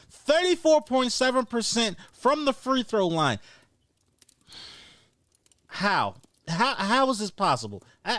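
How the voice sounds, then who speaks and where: A man rants about his team on a sports podcast, stressing every point and circling back to hammer it again. His voice sits a little high and the recording is close and dry. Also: no echo. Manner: emphatic, repetitive, rising to near-shouting on points. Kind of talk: heated sports talk rant.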